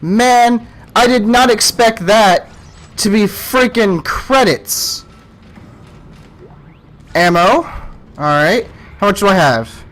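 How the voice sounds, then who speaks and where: A young man playing a horror game, yelping and shouting in panic between calmer running commentary. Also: sits high, slow pace, long pauses. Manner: screams and yelps in panic, then talks calmly. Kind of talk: let's play commentary.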